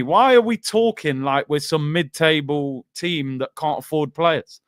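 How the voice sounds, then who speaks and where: Exasperated man, slightly high voice. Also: unhurried, few pauses, clean tone, dry recording. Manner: exasperated, rhetorical questioning. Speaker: podcast host. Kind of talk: casual football chat.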